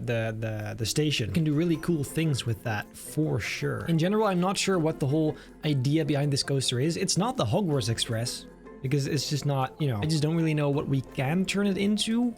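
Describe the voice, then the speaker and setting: A man's voice: on the high side, a little mellow. A man giving casual, enthusiastic gameplay commentary, chatting and thinking aloud as he builds. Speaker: game video creator.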